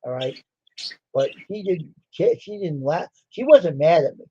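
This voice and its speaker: A man's voice: on the high side, animated, a little slow, dark tone, muffled recording, a little hiss or hum. A man casually telling a long, rambling story from his school days on a livestream, breaking into quoted voices. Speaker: livestream host.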